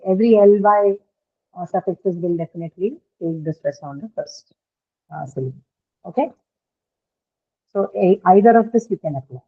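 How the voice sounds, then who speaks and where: A woman teaching an English class, explaining patiently and checking in with her students. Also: fairly low pitch. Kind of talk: classroom lecture on word stress. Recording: phone-like lo-fi classroom audio.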